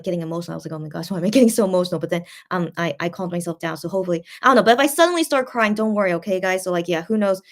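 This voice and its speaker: Young woman on a late night fan stream, reads chat out and answers, lots of ums and restarts, soothing. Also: fairly low pitch. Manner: halting, many restarts and fillers, comforting tone; reads out viewer comments and answers them. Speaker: livestream host reading fan chat. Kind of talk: casual livestream chat.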